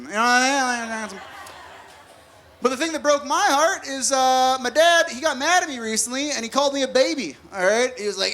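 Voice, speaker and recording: A man's voice: very high-pitched, bright, forceful tone. A man in his thirties performing a stand-up comedy set, chatting and joking with a live audience in a venue. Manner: conversational, quick jokes told to a live crowd.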